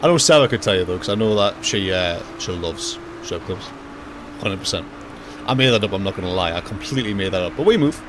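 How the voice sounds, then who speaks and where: A young man streaming a racing game live, joking and talking to himself with excitable reactions. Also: low voice, quick pace, background noise. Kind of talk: live gaming commentary. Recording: loud game music behind voice. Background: racing game music and engine sounds.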